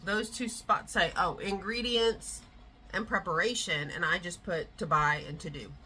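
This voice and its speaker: A woman's voice: on the low side, a little slow, bright, forceful tone, slight background noise, low-quality recording. A middle-aged woman, chatting casually to her tripod camera at home, rambling with lots of fillers. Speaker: vlogger. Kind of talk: casual vlog chat. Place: at home, indoors.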